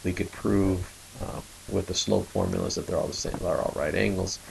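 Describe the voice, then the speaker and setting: Man, gravelly low voice, teaching math, faint hiss, keyboard typing behind. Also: moderate pace, rough recording. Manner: steady explaining, thinking aloud while drawing. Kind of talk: screencast math lesson.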